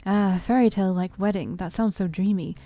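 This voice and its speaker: A woman's voice: medium pitch, brisk, dark tone, dry recording, close to an everyday voice. A woman reading the lines of a cheerful, teasing young woman photographer while playing a story game. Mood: upbeat. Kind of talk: reading a visual novel aloud.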